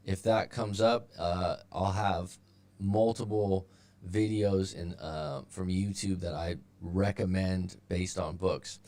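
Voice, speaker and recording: A man with a low, gravelly voice gives breakup advice on a casual live stream. He rambles with fillers and restarts, and his audio turns robotic now and then. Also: slow pace, warm tone. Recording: sounds robotic at times.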